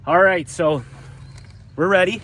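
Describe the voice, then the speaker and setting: A man's voice: high voice, unhurried, fairly bright tone, slight background noise. A man vlogging outdoors by a pond, chatty and upbeat, talking to viewers as "guys". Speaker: vlogger, animal keeper. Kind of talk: casual outdoor vlog to camera.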